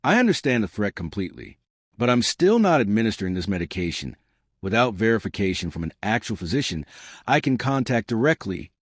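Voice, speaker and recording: Man doing a steady no-nonsense nurse lady, firm and precise, lively pitch. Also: brisk, no echo, clean studio sound. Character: experienced woman nurse, steady and principled.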